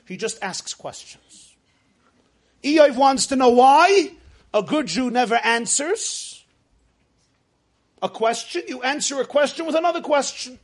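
Torah teacher, male, very high voice, emphatic, wry lecture delivery. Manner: emphatic, repeats words for stress. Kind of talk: scripture lecture.

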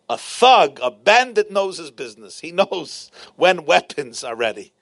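A man teaching a Talmud lesson as an animated storyteller, driving points home through repetition. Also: a little high, no room sound. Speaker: Torah teacher.

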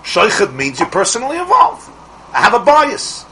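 Animated, forceful male rabbi teaching. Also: high-pitched, slight background noise, poor audio. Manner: animated, with rhetorical questions and quick restarts. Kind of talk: Torah class lecture.

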